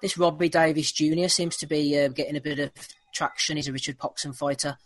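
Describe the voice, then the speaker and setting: Brisk, offhand male host. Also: on the high side, fairly even intonation. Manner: brisk, offhand, running the votes. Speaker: podcast host. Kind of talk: casual chat.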